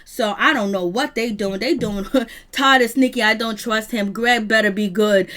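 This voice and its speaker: Woman, high voice, sassy gossip, live show recap. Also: moderate pace. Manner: animated, gossipy, sassy commentary. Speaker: reality TV recap host. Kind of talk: live reality show review.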